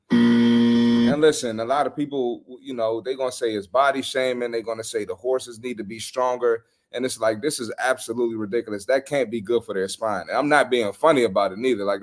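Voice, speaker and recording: A man hosting a fitness podcast, giving blunt, animated reaction commentary on social media posts with slangy trash talk. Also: medium pitch.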